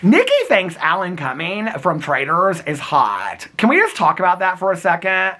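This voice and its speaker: A man's voice: high-pitched, big pitch swings, moderate pace, bright, forceful tone. A man in his fifties vlogging outdoors in the cold, chatty and giggly, calling his viewers girl and honey. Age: 50s. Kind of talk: casual daily vlog to camera. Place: outdoors in cold snowy weather.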